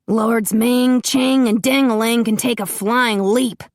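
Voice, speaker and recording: A woman voicing a defiant, hot-tempered young male vampire captive who curses loudly. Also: medium pitch, steady tone, drawn-out words, no room sound, studio quality, pitched above the performer's own voice. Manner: angry, cursing, raised voice.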